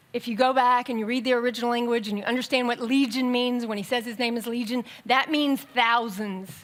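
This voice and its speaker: A woman preaching a sermon in a conversational, animated way, with quick bursts and asides. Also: fairly high pitch. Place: church sanctuary.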